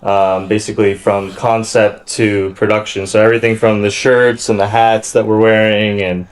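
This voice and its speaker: A man guesting on a podcast in a car garage, explaining things in a measured way. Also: on the low side, flat delivery. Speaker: guest, industrial designer. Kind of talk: casual chat.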